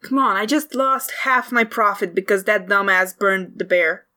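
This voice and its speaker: A woman's voice: mid-range voice, normal speed, sharp tone, natural voice. A woman voicing an irritable, hot-headed female hunter who snaps at people. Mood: annoyed. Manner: irritable, snapping.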